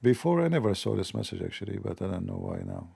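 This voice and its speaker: Man, live stream host, casual chat, mellow, gravelly, laughs a lot. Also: fairly low pitch, sing-song, fast. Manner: chatty, laughs often, non-native grammar.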